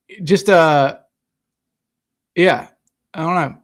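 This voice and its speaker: This live-stream host has a voice on the high side, expressive and at normal speed, with vocal fry and frequent pauses. His rambling, casual chat has him reading viewer comments aloud and responding into a desk mic, occasionally too close.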